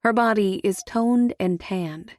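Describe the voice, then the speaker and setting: A woman's voice: medium pitch, slow, a little mellow, no room sound. Dry, close female audiobook narrator. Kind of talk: first-person audiobook narration.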